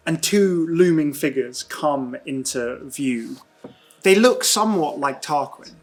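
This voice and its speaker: A man narrating a tabletop role-playing game as game master, in slow, hushed, dreamy descriptions. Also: a little high, expressive.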